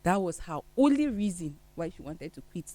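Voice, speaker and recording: A guest on a studio discussion show, telling a story in an animated way. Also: mid-range voice, normal speed, no room sound.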